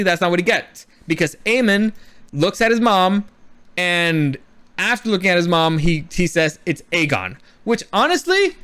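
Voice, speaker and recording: Man, high voice, casual rant, swears a lot, acts out lines. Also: fairly bright tone. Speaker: show reviewer.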